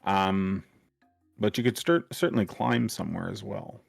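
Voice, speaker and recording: A man narrating a tabletop game as game master, describing scenes in a halting way with many fillers. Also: deep voice, lively intonation, vocal fry, faint music behind.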